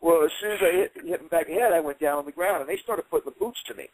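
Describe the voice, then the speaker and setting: A middle-aged man telling a story in a casual interview, animated and heated as he retells it. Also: on the high side, racing, no echo, low-quality recording. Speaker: interview guest.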